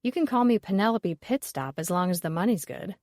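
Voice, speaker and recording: A woman reading the part of a dismissive, sharp-tongued woman appraiser, with a wry, offhand delivery. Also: medium pitch, animated, fairly quick, no echo, clean studio sound, natural voice.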